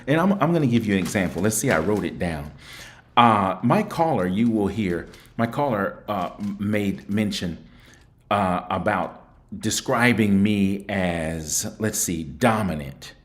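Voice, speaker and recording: A man's voice: on the low side, expressive, moderate pace, fairly bright tone. A man hosting a call-in show, talking in a chatty, reflective way and often repeating words. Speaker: show host. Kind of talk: casual call-in show talk.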